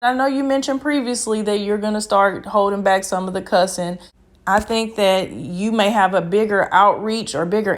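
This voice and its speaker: Calm woman giving reflective commentary. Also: mid-range voice. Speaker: channel host and commentator. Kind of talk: commentary to camera.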